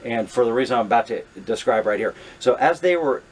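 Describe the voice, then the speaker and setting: A middle-aged man telling a true story to camera, animated and reenacting his own thoughts, with frequent fillers and restarts. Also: medium pitch, brisk.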